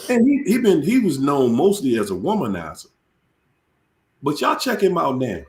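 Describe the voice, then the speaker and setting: A man's voice: fairly high pitch, normal speed. Guy hosting a stream, preachy, repeats himself, voice jumps around, echoey room. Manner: animated, preachy, repeats words. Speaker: host. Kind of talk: casual live-stream chat.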